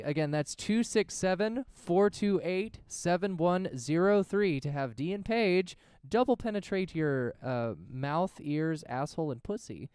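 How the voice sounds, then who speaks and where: A woman's voice: on the low side, animated, a little slow, hardly any pauses, darkish tone, clean tone, no room sound, studio quality. A woman co-hosting a live call-in show, teasing and crude in casual chat. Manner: teasing, crude, plugs the phone line.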